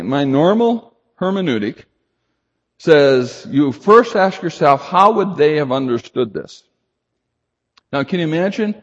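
A man's voice: fairly high pitch, breathy edge. Emphatic older male preacher in a hall. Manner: earnest, emphatic, shifts to loud urgent pleading. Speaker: pastor. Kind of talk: expository sermon. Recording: echoey hall, dull lo-fi sound.

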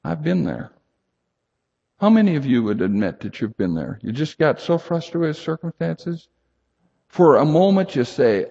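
A man preaching a sermon to a congregation, emphatic and animated, rising high for emphasis and dropping low and quiet. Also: normal speed, creaky, slightly rough. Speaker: pastor. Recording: lo-fi recording in a reverberant hall.

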